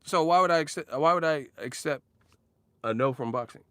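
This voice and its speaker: A man ranting casually about boxing, animated and profane, laughing often. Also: fairly high pitch, brisk, clean tone, no room sound. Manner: animated, profane, laughs often, mocks others with sudden shouts. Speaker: boxing commentator.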